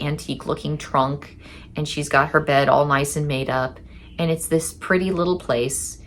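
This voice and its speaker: A young woman telling a candid, profane personal story in casual chat, with halting restarts and quoted asides. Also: sits low, a little hiss or hum.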